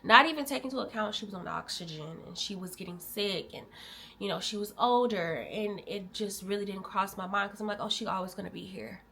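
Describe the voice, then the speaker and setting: A young woman from Illinois talks straight to her viewers, calling them y'all. Her telling is candid and emotional. She jumps from lively, louder bursts down to hushed, softer stretches. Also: mid-range voice, a little fast, gravelly. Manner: animated, swings between loud bursts and quiet drops. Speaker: vlogger. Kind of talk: casual storytelling to viewers.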